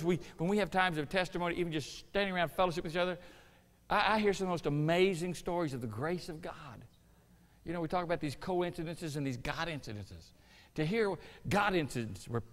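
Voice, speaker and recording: A pastor preaches a sermon, his voice sitting a bit high for a man. He swings between quiet folksy asides and loud, emphatic peaks. The sound carries a long reverb from the church hall. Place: church sanctuary.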